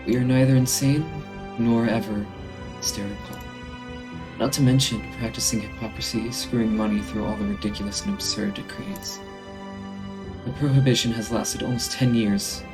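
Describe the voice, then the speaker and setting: A man's voice: medium pitch, steady tone, moderate pace, over music, natural voice. A man voicing a scornful male zealot in amateur game-dialogue voice acting, contemptuous and accusing. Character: scornful male zealot revealing his true self.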